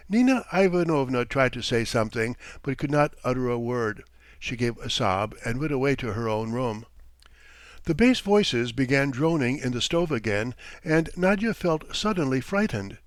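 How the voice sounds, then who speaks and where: Male narrator for a classic-fiction audiobook; measured, mid-range voice, dry close mic. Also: medium pitch, no room sound. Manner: measured, even storytelling. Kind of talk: scripted narration.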